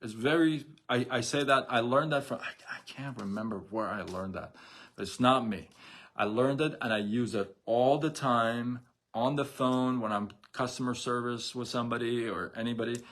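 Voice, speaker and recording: A man's voice: medium pitch, normal speed, fairly bright tone. A middle-aged man hosting a casual motivational live stream, talking animatedly with restarts and speaking to viewers in the chat.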